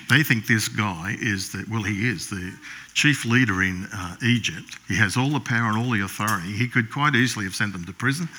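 A male pastor, preaching a sermon in a storytelling way, acting out the characters' lines in a hushed voice and often clearing his throat. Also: on the low side.

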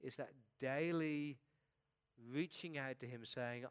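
A middle-aged man, a pastor, preaching a sermon in an earnest way, often dropping his voice softly at the ends of his points. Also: medium pitch, slow, clean tone.

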